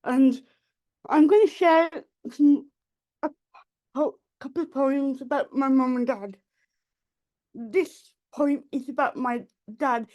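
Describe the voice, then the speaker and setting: A woman from the Black Country in England, reading her own poems in a measured, deliberate way over a video call. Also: sits high, darkish tone. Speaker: poet. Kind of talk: poetry reading.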